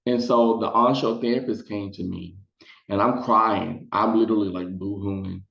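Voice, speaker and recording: At a moderate pace and with vocal fry, a man tells a personal story in a casual storytime vlog, animatedly acting out the people he quotes in high voices. The recording sounds roomy, dull, and lo-fi.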